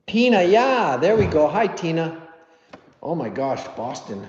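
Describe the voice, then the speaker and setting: A chatty man hosting a live stream, reading out viewer comments with easy self-deprecating humor. His voice sits a little high and comes through dull and muffled. The room around him echoes with a long, lingering reverb. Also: sing-song, unhurried, darkish tone, a little hiss or hum. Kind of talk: casual live stream chat.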